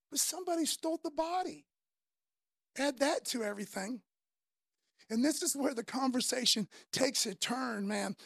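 A woman preaching a casual sermon, slangy and conversational, telling the story in an animated way. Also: on the high side, creaky, no echo, clean studio sound.

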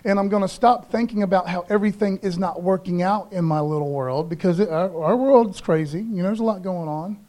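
A man's voice: high voice, fairly quick, few pauses, a little mellow. A middle-aged male pastor preaching a sermon in a loose, conversational way, often tagging lines with "man" and "okay".

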